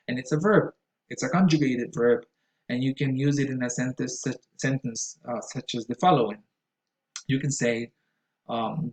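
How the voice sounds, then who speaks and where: A man's voice: mid-range voice, moderate pace. A man teaching pronunciation in a lecture style, explaining patiently and repeating each word for emphasis. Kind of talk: classroom lecture. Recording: echoey room.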